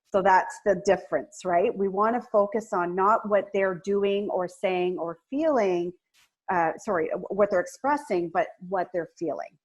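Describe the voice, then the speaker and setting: Husky-voiced woman coaching on empathy. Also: mid-range voice, unhurried. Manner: earnest, coaching, acts out soft empathetic phrases. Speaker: guest speaker, agency co-founder. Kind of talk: webinar talk on client communication.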